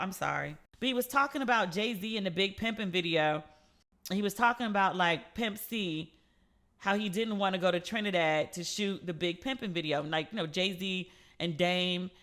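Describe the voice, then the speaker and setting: A woman hosting a casual solo podcast, telling stories with playful, animated asides. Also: fairly low pitch. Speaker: podcast host.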